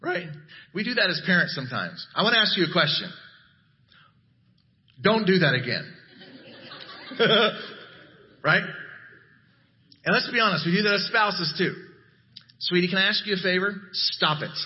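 Animated preacher man, high lively voice. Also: moderate pace, long pauses, lo-fi sound. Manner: animated, rising to emphatic highs. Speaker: pastor. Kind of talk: sermon.

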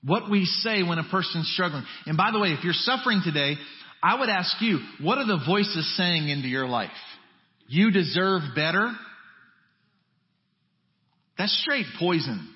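A fairly high-voiced man preaching in a church sanctuary, talking with his congregation more than at them. He swings from quiet, intimate asides to raised, urgent emphasis. The sound is a bit dull and trails off in a long hall reverb. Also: lively intonation, a little slow, long pauses. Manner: conversational preaching with wide swings from hushed to emphatic. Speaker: pastor. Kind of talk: sermon.

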